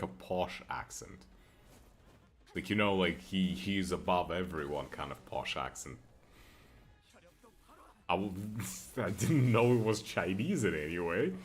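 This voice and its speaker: A young man joking crudely and rambling while he plays a game and answers chat. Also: deep voice. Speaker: streamer. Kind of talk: casual gameplay commentary with chat.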